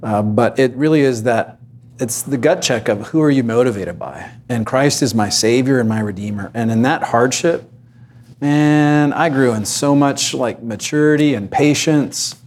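A pastor candidly telling a personal story of hardship on a panel. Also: male voice, medium pitch, normal speed, darkish tone, a little hiss or hum.

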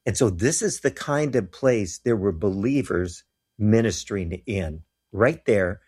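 Low husky man telling a story. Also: animated, measured pace, a little mellow. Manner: earnest, acts out quoted voices. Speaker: guest telling of mission trips. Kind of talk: animated personal storytelling.

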